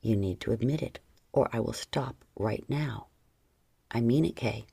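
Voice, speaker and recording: A woman voicing a confident, stern man who talks low, slow and coaxing. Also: gravelly, dark tone, husky, dry recording, full character voice.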